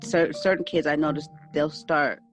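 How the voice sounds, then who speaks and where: A woman's voice: low voice, steady tone, normal speed, over music. A woman hosting a podcast, talking casually with lots of fillers and restarts. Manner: casual, filler-heavy, rambling. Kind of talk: casual conversation.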